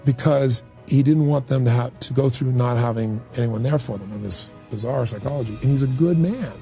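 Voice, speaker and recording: A man's voice: medium pitch, brisk, vocal fry, dark tone, soft background music. A man speaking as a motivational speaker in a candid interview, blunt and full of stories, acting out quotes. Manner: storytelling, blunt, acts out quotes.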